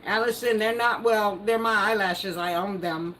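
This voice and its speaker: A woman hosts a live stream, casually reading viewer comments aloud, teasing them, and laughing often. Her voice is medium-pitched and fairly bright, captured in a rough recording with a little hiss or hum.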